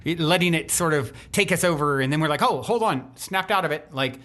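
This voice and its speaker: A man's voice: fairly high pitch, brisk, sharp tone. Casting: male podcast host, casual and rambling, full of restarts. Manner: rambling, many restarts and fillers. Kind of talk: conversational podcast interview.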